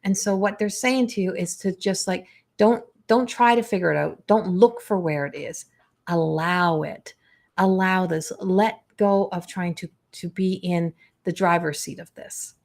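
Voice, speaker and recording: Middle-aged woman, intuitive coach on a live stream, calm and unhurried, mid-range voice. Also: medium pitch. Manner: slow, soothing, trailing restarts; animated storytelling with acted quotes. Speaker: intuitive guide and spiritual coach. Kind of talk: live channeled guidance.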